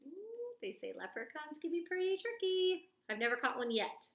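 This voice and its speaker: A woman's voice: high voice, very animated, a little fast, echoey room. A woman reading a children's book aloud in a playful, silly, exaggerated voice. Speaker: storybook reader for children.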